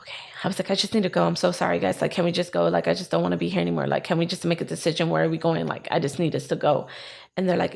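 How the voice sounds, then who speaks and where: A woman's voice: fairly low pitch, racing, vocal fry. A young adult woman on a podcast, telling a personal story in casual chat and acting out what people said. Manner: animated, acts out what she and others said. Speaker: podcast co-host.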